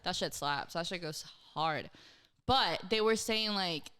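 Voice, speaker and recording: A woman co-host with a bright voice, talking bluntly in casual chat. Her speech is slangy and full of casual swearing. Her tone is clear and crisp. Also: fairly low pitch, slow pace. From Texas.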